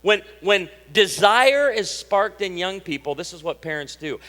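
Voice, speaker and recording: A man in his thirties with a high, light voice preaches with a drawl, swinging into lively storytelling as he acts out family dialogue. His sermon carries through a church hall with a long, lingering reverb. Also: normal speed. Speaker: pastor. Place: church sanctuary.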